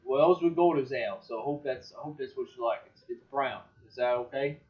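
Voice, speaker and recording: A man doing a loud tavern barkeep with a thick put-on New Jersey accent, pitched up and brash. The audio is dull and lo-fi. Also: brisk, close to an everyday voice. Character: gruff male tavern barkeep.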